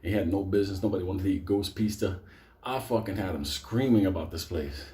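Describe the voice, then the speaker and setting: A low-pitched male voice, slightly fast, recounts a crazy personal episode with casual, wandering energy. He swears nonstop and keeps cracking up as he goes.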